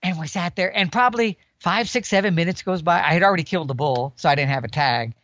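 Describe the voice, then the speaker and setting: A man in his sixties, a guest on a podcast, telling an animated story about the outdoors, sometimes imitating animal calls. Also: high-pitched, fast, no echo, dull audio. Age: 60s. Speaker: guest elk hunter.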